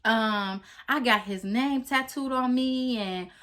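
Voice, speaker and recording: A lovestruck young girlfriend who keeps pressing her questions in a raised, bright, insistent voice, as a woman storyteller puts her on. Her pitch sits well above the teller's own. She delivers the lines as a storytime retelling. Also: slow.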